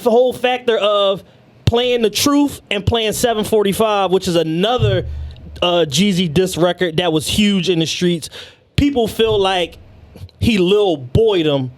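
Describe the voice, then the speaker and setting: A man co-hosting a podcast in casual chat, making his argument in a measured, point-by-point way. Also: sits high. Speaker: podcast co-host.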